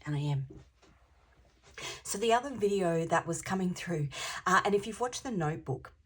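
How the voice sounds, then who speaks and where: A woman with a low, husky voice gives a channeled tarot reading to camera. She talks in a chatty, rambling way and now and then drops into a whisper to drive a point home. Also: expressive, normal speed. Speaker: intuitive tarot reader.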